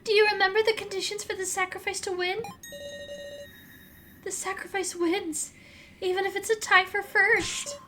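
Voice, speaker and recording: A woman voicing a gentle, devoted young girl, reading game dialogue aloud in a sweet, coaxing way. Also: extremely high pitch, a little hiss or hum, pitched above the performer's own voice, heavily acted. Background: game music.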